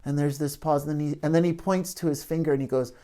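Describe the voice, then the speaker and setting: A man's voice: fairly high pitch, fairly even intonation, quick pace, dark tone. A man speaking as a therapist in an educational talk to camera, reflective and searching for his words as he goes.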